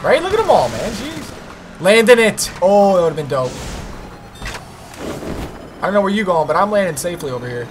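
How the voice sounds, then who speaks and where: A young man excitedly shouting and joking as he comments on online gameplay with friends. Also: sits high, normal speed, long pauses, background noise. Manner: excitable, frequent exclamations and shouts. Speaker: gaming channel host. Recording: music playing underneath.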